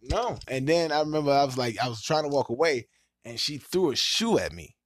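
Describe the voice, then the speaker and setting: A man hosts his podcast and tells stories in loose, profane talk. His voice sits at a middle pitch but swings widely as he acts out what others said. The sound is dry and close to the mic. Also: a little fast, dry recording. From Washington, D.C. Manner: animated, profane, acts out quotes with big pitch jumps. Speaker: podcast host. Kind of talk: casual storytelling chat.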